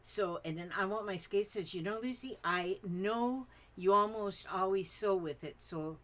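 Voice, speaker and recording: A woman's voice: medium pitch, measured pace, a bit bright. An older woman hosting her craft channel, reading viewer comments aloud and chatting in rambling asides.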